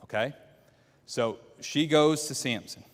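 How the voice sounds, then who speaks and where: Man, Bible class teacher, quizzing the class, mid-pitched voice, long church reverb. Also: slow.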